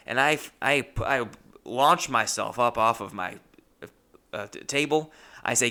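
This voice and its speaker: A man's voice: medium pitch, takes it slowly, pauses often, pushed and bright. A young man, a comedian, telling a rambling, self-mocking story that rises to frantic bursts. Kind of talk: comic storytelling.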